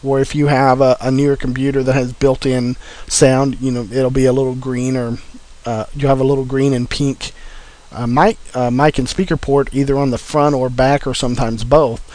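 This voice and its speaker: Guy walking you thru recorder setup, practical, lots of uhs, mid pitch. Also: little pitch movement, moderate pace, a little mellow. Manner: plain, practical, with frequent "uh" fillers. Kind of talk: informal instructional talk.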